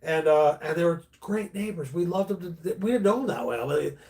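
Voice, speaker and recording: Higher-voiced man telling stories. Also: normal speed. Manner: animated, swears casually, talks through stories. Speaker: live stream host. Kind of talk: casual storytelling chat.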